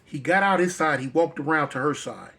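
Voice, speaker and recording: A man's voice: on the high side, a little fast, a bit bright, breathy edge. A male storyteller telling a dramatic tale in a conversational, repetitive way.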